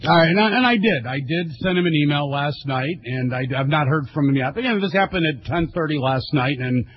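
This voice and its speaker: Animated male radio talk host. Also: on the high side, brisk, slightly rough. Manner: animated, stumbles and repeats words. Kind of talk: radio talk show chat. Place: radio studio. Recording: dry, slightly dull radio audio.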